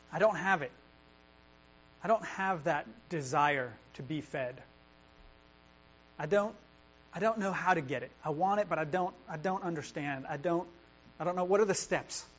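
A young adult pastor giving a sermon, earnest and conversational, often restarting his sentences. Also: on the high side. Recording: dull lo-fi recording with mains hum.

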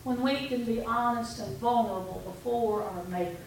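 A woman's voice: fairly high pitch, normal speed, a little mellow. A woman pastor preaching a sermon in a conversational, storytelling way, retelling her talks with a congregant. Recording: echoey room from far off, faint background noise.

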